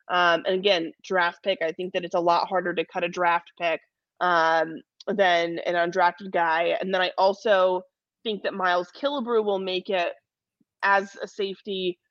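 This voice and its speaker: A woman's voice: fairly low pitch, dry recording, highs cut off. A woman sports reporter, a guest on a casual podcast, chatting about football roster picks with self-deprecating humor and frequent ums.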